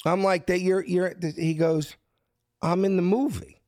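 A man tells a story from his youth in an animated, street-smart way. He slips into different voices for each person he quotes. His voice sits a little high, and the sound is close and dry. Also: unhurried, no echo. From South Philadelphia. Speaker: guest. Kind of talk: casual storytelling.

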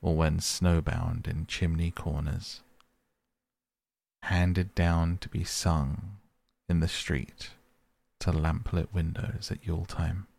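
A man reads a classic tale as a bedtime story in a soft, unhurried way. His voice is very low and heavily gravelly with a husky edge, taken slowly. The sound is dry and close. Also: level tone, no room sound. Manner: softly spoken, unhurried. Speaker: audiobook narrator, podcast host. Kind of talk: bedtime sleep story reading.

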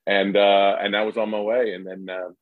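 A man's voice: on the low side, little pitch movement, moderate pace, phone-quality sound. A middle-aged man from Indiana, a guest on a podcast, telling rambling self-deprecating stories about growing up and starting out as an actor. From Indiana, USA. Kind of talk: casual storytelling chat.

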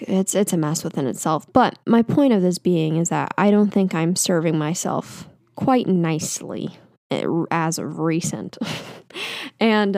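Speaking into a mic, this twenty-something vlogger rambles through a candid, self-deprecating confessional monologue full of fillers. Her fairly low, slightly mellow voice comes through in studio quality, with no room sound.

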